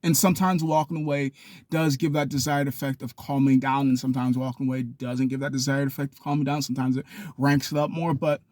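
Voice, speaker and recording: Young male vlogger, rambling animated monologue, highish voice, dry recording. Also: dry recording. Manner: animated, acts out yelling people with sudden high shouts.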